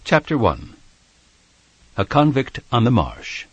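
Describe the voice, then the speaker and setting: A male audiobook narrator reads in a measured, expressive storytelling manner, his pitch moving a lot. His voice has a slightly husky grain, and the recording is close and dry. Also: no echo, muffled recording. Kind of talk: scripted narration.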